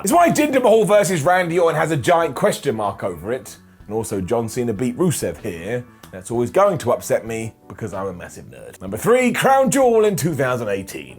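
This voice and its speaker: A man hosting a wrestling ranking video, losing his voice and talking in an animated, theatrical way. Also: mid-range voice, soft background music. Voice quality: husky. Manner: animated and theatrical, dramatic pauses. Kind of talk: opinionated ranking commentary.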